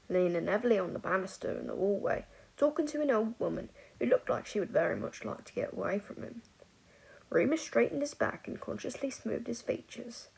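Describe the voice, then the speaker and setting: A woman narrating a fan fiction audiobook in an expressive, animated way. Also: medium pitch, creaky, husky, poor audio.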